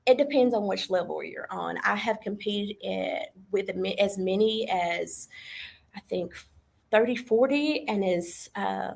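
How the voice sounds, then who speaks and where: A woman's voice: mid-range voice, unhurried, gravelly, a little mellow. A young adult woman with a Texas Southern accent, earnestly telling her pageant story as an interview guest on a video call, politely saying yes ma'am.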